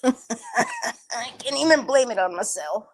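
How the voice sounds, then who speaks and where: A woman chatting her way through a crafting livestream, with a voice that sits a bit high. She takes her time, unhurried between phrases, and is excitable and playful, talking to herself as she works. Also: slightly rough. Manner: chatty and excitable, thinks aloud. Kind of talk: casual crafting livestream chat.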